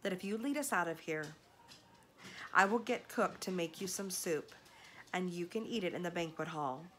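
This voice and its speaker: A woman reading a gentle earnest princess. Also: on the low side, moderate pace, a little hiss or hum, natural voice. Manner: soft and earnest.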